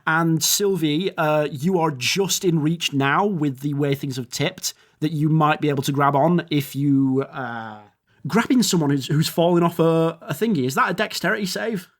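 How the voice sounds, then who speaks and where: A man's voice: a little high, moderate pace. A man narrating as game master, rambling and descriptive with fillers.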